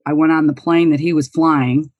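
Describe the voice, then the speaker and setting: A woman's voice: low voice, fairly even intonation, moderate pace, a little mellow, no echo, muffled recording. A woman in her sixties from New York State, telling her story as an interview guest in an earnest, emphatic, candid way. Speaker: guest, former college golfer.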